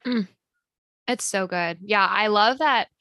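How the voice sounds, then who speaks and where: A woman's voice: medium pitch, takes it slowly, pushed and bright, no echo. Woman, podcast host, casual chat, lots of "like", dry recording. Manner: chatty, practical, frequent "like" fillers.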